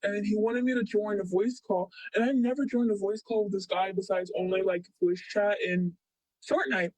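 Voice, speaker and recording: A young man telling a story casually as an interviewee, rambling with many fillers and animated retellings. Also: sits high, normal speed, no echo, poor audio.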